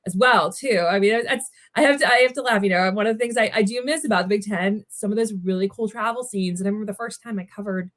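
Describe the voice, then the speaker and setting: A woman from Maryland talks sports as a guest on a podcast, her voice sitting at an ordinary middle pitch. She is chatty and eager, peppering her speech with "you know" and restarting sentences as she goes. She is heard over a video call. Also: fast, few pauses, a bit bright. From Maryland, United States. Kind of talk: casual podcast interview.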